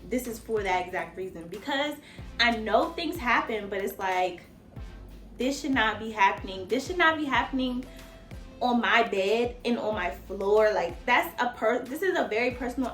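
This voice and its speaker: A woman nail technician telling a casual storytime, animated and profane, talking straight to her viewers as "y'all.". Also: on the high side. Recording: echoey room.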